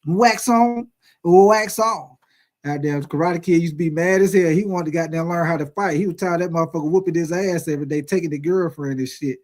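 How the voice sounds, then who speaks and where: A man in his forties hosting a sports video, telling stories in a profane, animated, casual rant. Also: fairly high pitch, quick pace, hardly any pauses. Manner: profane, animated storytelling with lots of swearing.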